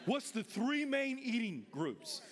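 A man preaching a sermon in church, leading the congregation in call and response and building up to shouted lines. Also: very high-pitched, sing-song, slow pace. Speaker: pastor.

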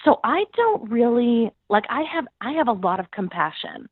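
A middle-aged actress being interviewed, telling stories conversationally and acting out quoted dialogue with lively jumps in pitch. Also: female voice, moderate pace, slightly rough, dry recording. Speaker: actress guest. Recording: tinny phone-like line.

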